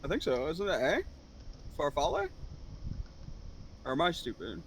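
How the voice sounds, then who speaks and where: A man's voice: a little high, wildly swooping pitch, measured pace, gravelly. Rambling laid-back man, faint noise behind. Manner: rambling, says "dude" and "like", teasing. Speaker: co-host guest. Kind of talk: casual chat.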